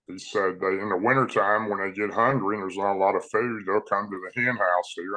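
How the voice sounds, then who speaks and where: A man recounting his own encounter in a plain, unhurried, folksy way. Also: on the low side, fairly bright tone, rough recording. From Tennessee, USA. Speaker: eyewitness storyteller. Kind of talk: personal account told aloud.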